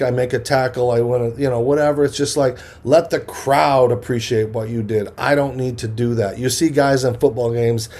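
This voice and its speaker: A middle-aged man spins animated stories as an interview guest. His voice is mellow and dark, and he jumps into the voices of the people in his tales. He restarts and repeats words as he talks. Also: mid-range voice. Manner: energetic storyteller who acts out quoted voices, restarts often. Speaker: podcast guest, motivational speaker.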